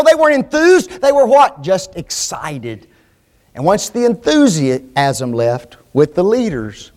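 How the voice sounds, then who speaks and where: A man preaching a sermon, emphatic, full of rhetorical questions and swings between loud and hushed delivery. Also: very high voice.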